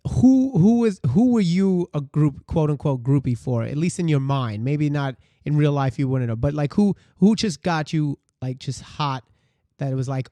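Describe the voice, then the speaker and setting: A man with a Brooklyn accent hosting a casual interview, excitable and playful. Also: fairly high pitch, moderate pace, dry recording. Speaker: podcast host.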